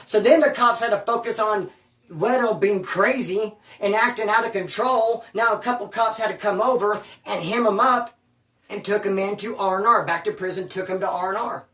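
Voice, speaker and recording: A former inmate tells a prison story in casual street slang, swearing freely and acting out what people said. His voice is high-pitched and a bit bright at a moderate pace, picked up by a distant mic with roomy echo.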